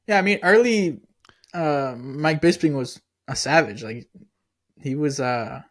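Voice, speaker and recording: A man's voice: a little high, measured pace. A man co-hosting a podcast, easygoing and leading the questions in casual chat. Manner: easygoing, laughs along, leads the questions. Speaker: podcast co-host.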